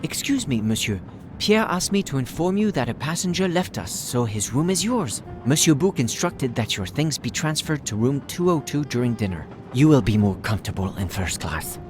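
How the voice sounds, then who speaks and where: An actor voicing a polite bar and dining-car attendant in a video game, speaking in a formal, deferential way. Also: male voice, mid-range voice, big pitch swings, moderate pace, lightly acted. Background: game music.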